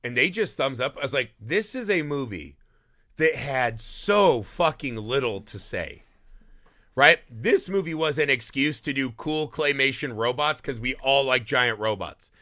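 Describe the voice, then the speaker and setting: A man co-hosting a casual movie podcast, ranting in an exasperated, animated way and acting out scenes. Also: medium pitch, a little slow, no room sound, studio quality. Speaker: podcast host. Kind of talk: casual movie review chat.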